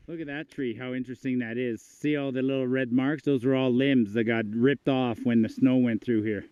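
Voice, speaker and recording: A man's voice: mid-range voice, fairly even intonation, moderate pace, smooth, no echo. A man in his fifties narrating a hiking vlog outdoors on a mountain trail, awestruck, exclaiming often and talking straight to his viewers. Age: 50s. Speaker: hiking vlogger. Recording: tinny, thin sound with loud wind noise.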